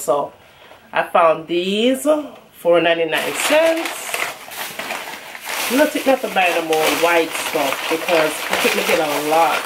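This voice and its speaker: A woman talks casually to the camera about her shopping haul. Her voice sits a little low, and she keeps a chatty, friendly rhythm. She often calls her viewers y'all. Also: background noise. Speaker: haul vlogger.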